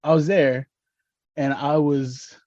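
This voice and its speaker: A man's voice: fairly high pitch, steady tone, slow pace, a little mellow, no echo. A man from Dallas, Texas, telling rambling, laughing stories as a podcast guest. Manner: laid-back, rambling, laughs at own stories. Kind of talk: casual storytelling chat. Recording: slightly dull, lo-fi podcast audio.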